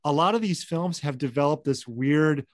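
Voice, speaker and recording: Male co-host, a touch high-pitched, dry close sound, thoughtful and halting. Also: no room sound. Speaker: podcast co-host. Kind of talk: casual film chat.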